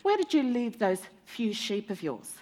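A woman preacher voicing a scornful older brother who belittles his younger sibling, spoken slightly quieter than her preaching and in her own somewhat high voice. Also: big pitch swings, a little slow.

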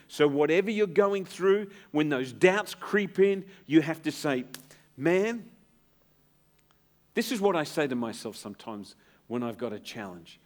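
Middle aged guy preaching a sermon, earnest n emphatic, goes soft and hushed for the comforting bits. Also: on the high side, expressive, normal speed. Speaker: pastor.

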